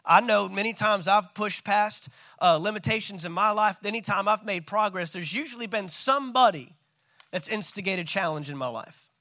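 A man's voice: sits high, normal speed, sharp tone, no echo. A man preaching a sermon as pastor, calling out to his congregation. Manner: preaching with call-outs.

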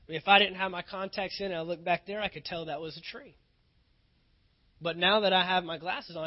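A male pastor preaching a sermon, earnest and emphatic, often repeating phrases for weight. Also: sits high. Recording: dull lo-fi recording.

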